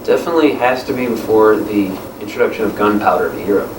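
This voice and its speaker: A man's voice: on the low side, quick pace, noisy background, natural voice. An actor playing an eager, talkative young male gamer, recorded in an echoey room from a distance. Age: young adult. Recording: echoey room, far mic.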